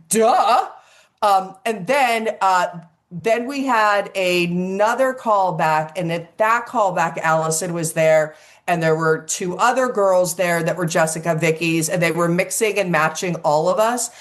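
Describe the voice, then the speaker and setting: An older woman, an actress, telling lively casual stories in an interview and acting out the quotes. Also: lowish voice. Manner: animated storyteller, acts out quotes, swears casually.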